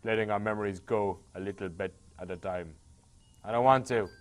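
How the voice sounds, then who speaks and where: A man voicing a calm old male spirit bird with a put-on Jamaican accent, speaking slowly and softly. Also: on the low side, smooth, lightly acted. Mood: solemn.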